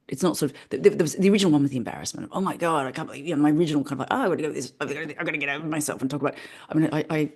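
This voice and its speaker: A woman speaking candidly to her coach, rambling and shifting tone quickly. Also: a bass voice, mellow. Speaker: coaching client. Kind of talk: candid personal talk.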